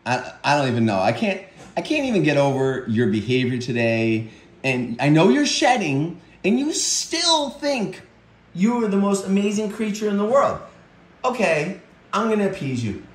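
A woman's voice: on the low side, very animated, normal speed, roomy sound. A woman talking casually to her pet reptile as its keeper, in an exasperated, teasingly scolding way.

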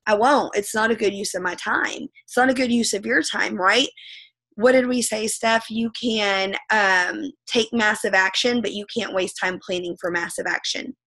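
A woman leading her team on a video call, talking in an emphatic motivational way with lots of "like" and "right", her voice going hoarse from allergies. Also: medium pitch, bright, forceful tone. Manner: emphatic, repeats phrases, says "like" and "right" often. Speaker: team leader.

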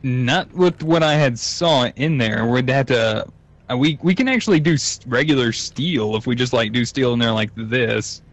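A man's voice: mid-range voice, normal speed, no room sound. A man casually chatting while playing a game, laid-back, with frequent ums and laughs. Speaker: let's play co-player. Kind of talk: casual gaming banter. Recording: slightly dull lo-fi mic.

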